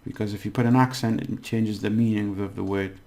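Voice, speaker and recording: A man giving a casual Spanish lesson, patiently repeating words slowly syllable by syllable. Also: lowish voice, fairly even intonation, warm tone. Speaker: Spanish language teacher. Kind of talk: casual spoken language lesson.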